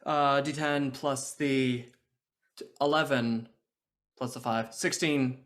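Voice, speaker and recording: A man's voice: medium pitch, fairly even intonation, takes it slowly, fairly bright tone. A man playing a tabletop game, joking and working out damage aloud. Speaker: player. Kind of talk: casual tabletop play.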